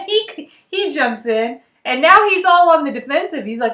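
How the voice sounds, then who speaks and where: A woman's voice: high-pitched, expressive, measured pace, sharp tone, echoey room. A woman co-hosting a casual reaction chat, giggly and chatty, thinking aloud. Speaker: co-host.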